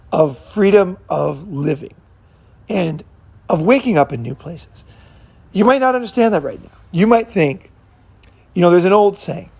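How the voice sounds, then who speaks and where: A man with a gravelly, husky voice that sits a little high for a man. He rambles through an unscripted monologue, swearing freely and circling back to repeat his points. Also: a little mellow. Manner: profane, rambling storyteller who repeats himself. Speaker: channel host.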